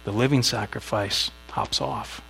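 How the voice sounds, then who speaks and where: Guy preaching, gravelly voice, chatty storytelling, faint hum behind him. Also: lowish voice, steady tone, unhurried, fairly bright tone, low-quality recording. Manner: storytelling with acted asides, conversational. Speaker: pastor. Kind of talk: sermon.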